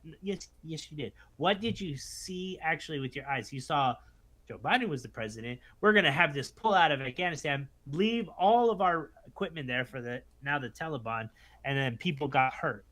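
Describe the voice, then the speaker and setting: A fairly high-pitched man co-hosting a faith podcast. He talks in quick, animated bursts and drops into mocking voices to mimic the people he disagrees with. The tone stays casual and conversational throughout. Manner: animated, acts out what others say in mocking voices. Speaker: co-host.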